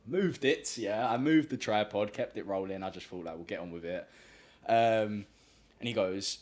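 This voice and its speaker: A man's voice: fairly low pitch, moderate pace. A young man telling a story on a podcast, slangy and full of swearing. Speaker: podcast host. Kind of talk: casual storytelling.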